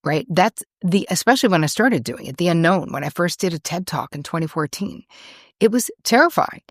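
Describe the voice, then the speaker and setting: A woman's voice: lowish voice, expressive, a little fast, dry recording, studio quality. A middle-aged American woman hosting a podcast, talking in a chatty, digressive, self-deprecating way. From United States. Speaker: podcast host. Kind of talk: casual monologue.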